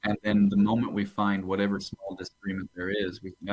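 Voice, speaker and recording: A man's voice: lowish voice, completely flat delivery, a little fast, slightly rough, no room sound, low-quality recording. A man, a pastor on a podcast, talking casually about theology and rambling into stories, often restarting his phrases.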